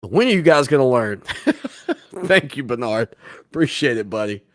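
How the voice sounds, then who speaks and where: A man's voice: medium pitch, sing-song, a little slow, fairly bright tone, dry recording, studio quality. A man hosting a sports talk show in a casual, playful way, joking with viewers. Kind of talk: casual chat.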